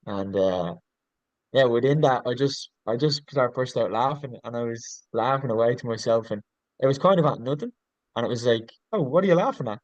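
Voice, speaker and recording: A man's voice: medium pitch, normal speed, dry recording, highs cut off. A man, a coach on a podcast, talking reflectively and earnestly, often restarting his sentences and searching for words with ums. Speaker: podcast guest, leadership coach.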